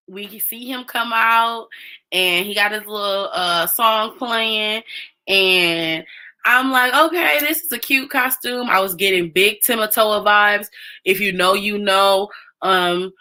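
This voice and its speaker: A woman's voice: medium pitch, sharp tone. A woman chatting casually on a live stream, recapping a show and talking straight to her viewers.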